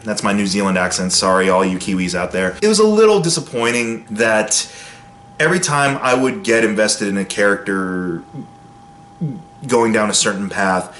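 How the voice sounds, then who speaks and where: A man giving a casual, opinionated spoken film review, with sudden jumps in pitch for emphasis. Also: lively intonation, normal speed, fairly bright tone, echoey room, slight background noise.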